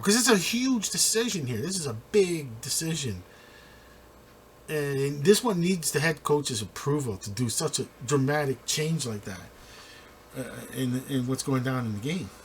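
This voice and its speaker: A man's voice: mid-range voice, slight background noise. A man giving casual postgame football commentary, rambling with many restarts and laughing often.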